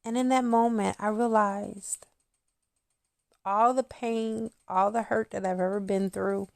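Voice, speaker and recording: A woman's voice: mid-range voice, fairly even intonation, unhurried, gravelly, dry recording, studio quality. A woman in her thirties, a spiritual channel host, talking intimately to her viewers and acting out quotes as she tells a story. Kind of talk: casual monologue to viewers.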